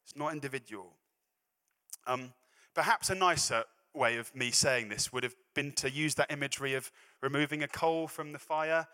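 A man's voice: mid-range voice, moderate pace, sharp tone. A man preaching a sermon, chatty and self-deprecating, breaking off into laughing asides. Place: church hall. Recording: echoey hall reverb.

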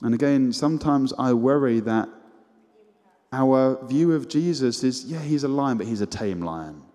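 Preacher in an echoey hall. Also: male voice, animated, measured pace. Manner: storytelling, earnest, drops to a low hush at the close. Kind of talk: sermon.

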